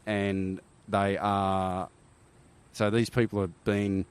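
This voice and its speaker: A middle-aged Australian man with a very low voice tells stories in a relaxed interview. He rambles, doubles back on his phrases and keeps checking in with "right?". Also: slow, clear, resonant tone. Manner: rambling with restarts and frequent "right?" tags. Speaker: podcast guest, army helicopter veteran. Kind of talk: casual interview storytelling.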